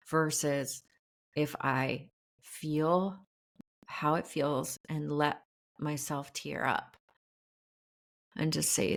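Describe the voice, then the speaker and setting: A woman's voice: low-pitched, slow pace, long pauses. A woman speaking as a podcast guest and spiritual coach, earnest and reflective as she talks openly about feelings. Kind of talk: casual interview conversation.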